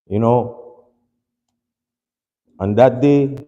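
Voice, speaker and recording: A man delivering a mourning sermon, telling a story slowly and with rising emotion after a quick recited opening. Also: medium pitch, warm tone, highs cut off. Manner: slow, rising, impassioned storytelling; opens with rapid recited Arabic formula. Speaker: speaker at a mourning gathering. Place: mosque hall. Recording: long reverb in a hall.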